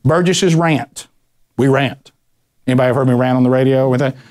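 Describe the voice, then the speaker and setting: A middle-aged man teaching a men's Bible study, telling lively stories and acting out voices. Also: mid-range voice, brisk. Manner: animated storyteller, acts out voices, ranting bursts.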